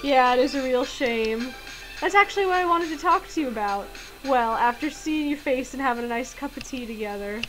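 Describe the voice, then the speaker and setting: A woman voices a big, warm-hearted older groundskeeper in a fan game playthrough. She reads him plainly, without putting on an accent, in a voice a bit higher than most. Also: a little fast, soft background music, poor audio. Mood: friendly. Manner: reads lines in her own voice, no accent. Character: gentle giant groundskeeper, older man.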